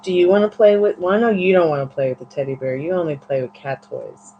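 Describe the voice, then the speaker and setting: A woman's voice: lowish voice, lively intonation, fast, dull audio, a little hiss or hum. Playful woman cooing at her dogs. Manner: playful, coos baby talk to her dogs. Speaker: tarot reader and livestream host. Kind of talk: casual livestream chat.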